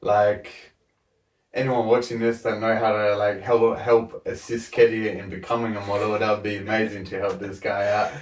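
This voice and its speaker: A man's voice: lowish voice, little pitch movement, moderate pace. Slangy young male podcast host. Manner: easygoing, slangy, says "bro" a lot. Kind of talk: casual interview chat. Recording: echoey room, mic at a distance.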